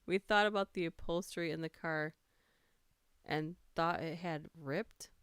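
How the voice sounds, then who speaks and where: Woman stream host, low-ish smooth voice, casual story reader. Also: unhurried, a bit bright, dry recording, clean studio sound. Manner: reads funny stories aloud, laughs and greets chat. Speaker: livestream host reading stories aloud. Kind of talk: casual livestream storytelling and chat.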